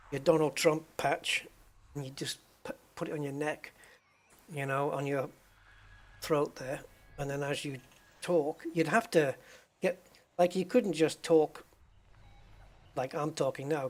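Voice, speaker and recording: A man's voice: a little high, fairly even intonation, measured pace, long pauses, a little mellow. Chatty man rambling on stream. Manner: rambling, chatty, talks to his chat. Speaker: gaming streamer. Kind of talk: casual livestream chat while gaming.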